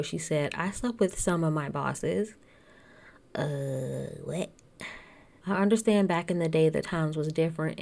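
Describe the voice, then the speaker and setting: A woman recapping a reality TV episode in a casual, chatty and sarcastic way, laughing often. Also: lowish voice.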